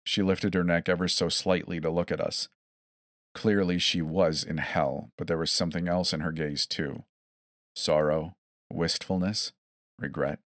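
A man's voice: sits low, fairly even intonation, unhurried, a bit bright, no echo. A man narrating a first-person horror story in a scripted way, with wry, dry asides.

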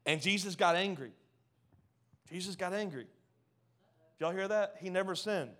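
A man with a high-set voice preaches with fervor, swinging between loud, emphatic bursts and quiet, low asides. He often stumbles and repeats words as he pushes his point. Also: moderate pace. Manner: passionate, builds to loud emphatic peaks then drops low and soft. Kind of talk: sermon.

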